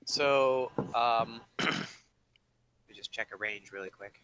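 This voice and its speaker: A man's voice: medium pitch, slow pace, fairly bright tone, a little hiss or hum, rough recording. A man playing a tabletop game, hesitant as he checks rules and plans a move. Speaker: player. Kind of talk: casual tabletop game chat.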